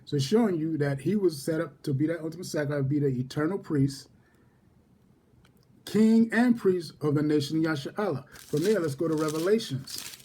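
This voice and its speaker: A man teaching a casual Bible study, repeating each verse reference and reading scripture slowly and deliberately. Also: on the high side, warm tone, husky.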